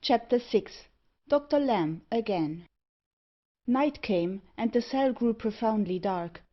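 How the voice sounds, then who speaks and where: A woman narrating a gothic novel audiobook in a steady, even storytelling manner. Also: a little high, slow, lo-fi sound.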